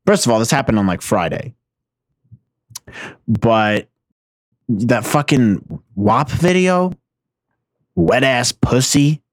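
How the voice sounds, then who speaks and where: A man's voice: medium pitch, animated, slow, long pauses, no room sound. A man hosting a show, giving tired, mocking commentary with a sarcastic edge. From United States. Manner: mocking, fed up. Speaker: host.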